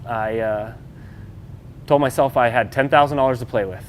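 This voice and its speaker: With a bit of hiss or hum in the background, a man in off-road racing tells an interviewer his story at normal speed in a mid-range voice. He rambles casually with lots of fillers, voicing quoted dialogue as he goes.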